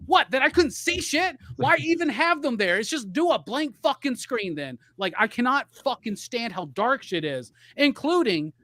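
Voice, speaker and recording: A man's voice: very high-pitched, sing-song, normal speed, few pauses, pushed and bright, dry recording, clean studio sound. Profane, heated man ranting. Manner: profane, heated, rambling rant. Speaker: podcast co-host. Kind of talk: ranting grievances on a live podcast.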